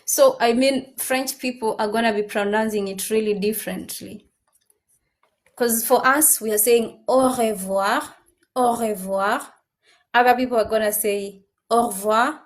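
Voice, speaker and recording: A woman teaching a French class, drilling pronunciations by slowly repeating each word. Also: on the high side, fairly even intonation. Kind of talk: classroom language lesson. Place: classroom with students.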